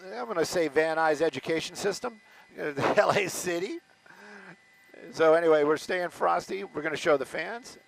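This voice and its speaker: A man's voice: a little high, moderate pace, gravelly, poor audio. Chatty man reporting from a helicopter. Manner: loose, rambling, self-interrupting. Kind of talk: live aerial news commentary. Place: news helicopter over a stadium.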